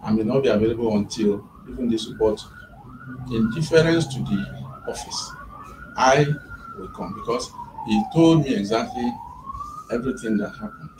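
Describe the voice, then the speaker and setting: A man's voice: mid-range voice, wildly swooping pitch, normal speed, pauses often, noisy background. A man, retelling events step by step as an employer's representative in a mediation session. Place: office. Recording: echoey room from a distant mic.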